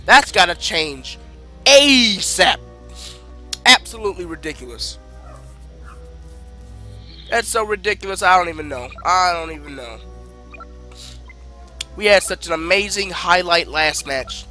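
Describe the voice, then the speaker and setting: High-voiced ranting male game streamer. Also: lively intonation, a little slow, pauses often. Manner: frustrated, ranting, swings from muttering to shouting. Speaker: gaming streamer. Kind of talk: live gameplay commentary. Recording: game music loud behind voice.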